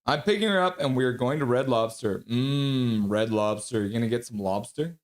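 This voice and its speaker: A man's voice: medium pitch, normal speed. A man hosting a live hockey stream, chatty and laughing often as he reads out viewers' messages. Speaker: hockey stream host reading chat. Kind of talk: casual live-stream chat.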